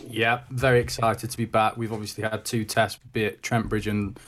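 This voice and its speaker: A man's voice: fairly low pitch, level tone, normal speed, fairly bright tone. A man talking enthusiastically and casually about an upcoming cricket test. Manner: upbeat, enthusiastic. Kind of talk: casual podcast chat.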